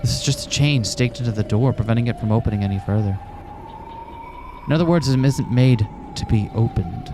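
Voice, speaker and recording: A man's voice: mid-range voice, fairly quick, background noise, close to an everyday voice. A man reading a visual novel aloud, voicing a terrified young man trapped in a room, tense and close to panic. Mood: uneasy. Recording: music playing behind.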